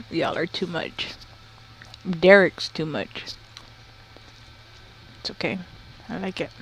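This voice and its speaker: A woman co-hosting a casual home livestream, loud and joking, swearing often and dropping Spanish slang. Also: fairly low pitch, very slow, long pauses, a little hiss or hum. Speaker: streamer's co-host.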